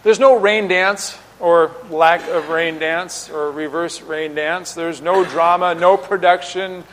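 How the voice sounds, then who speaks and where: A man preaching a sermon, explaining with lively rhetorical questions and acting out quoted lines. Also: a little high, takes it slowly, big-room sound, rough recording. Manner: animated teaching, voices rhetorical questions and acts out quotes.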